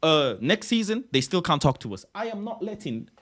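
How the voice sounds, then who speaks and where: A young man hosting a casual livestream chat, excitable and repeating himself, often ending phrases with "bro". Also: sits high, moderate pace. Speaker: livestream host.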